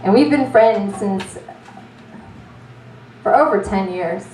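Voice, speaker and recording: A woman telling a stand-up story in an animated, swearing, self-mocking way. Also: medium pitch, slow pace, slight background noise. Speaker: stand-up comedian. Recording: roomy, distant mic.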